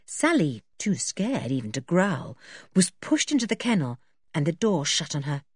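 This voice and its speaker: A woman's voice: sits low, sing-song, normal speed, slightly rough, dry recording, clean studio sound. A woman narrating a children's storybook expressively and switching into voices for the characters. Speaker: audiobook reader.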